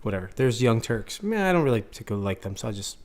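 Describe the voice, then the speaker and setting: A man's voice: on the low side, big pitch swings, racing. Laid-back man chatting on a podcast. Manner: laid-back, agreeable, with stumbling restarts. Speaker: podcast co-host. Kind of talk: casual live podcast chat.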